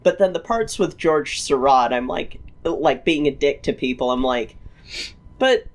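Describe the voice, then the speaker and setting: A woman's voice: sits low, lively intonation, measured pace. A woman co-hosting a podcast, chatting casually, laughing often and putting in short agreements. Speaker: podcast co-host. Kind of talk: casual chat.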